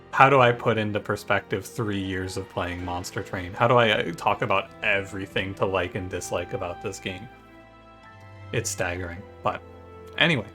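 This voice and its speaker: A man's voice: on the low side, sharp tone. A man casually chatting to his viewers in a rambling way while commenting on his gameplay. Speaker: gaming YouTuber.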